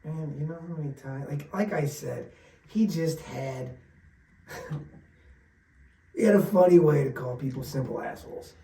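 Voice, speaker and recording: A man's voice: fairly high pitch, unhurried, vocal fry, pauses often, mellow. A man, chatting casually as a podcast co-host, loose and jokey, with lots of filler words. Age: 40s. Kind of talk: casual chat. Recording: roomy sound, distant mic, faint noise.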